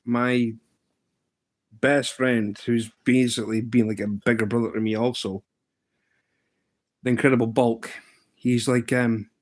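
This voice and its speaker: A Scottish man in his thirties, chatting casually on a livestream and telling a rambling story, with sudden pitch jumps when he mimics other people. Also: flat delivery, a little slow, long pauses. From Scotland. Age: 30s. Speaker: live streamer.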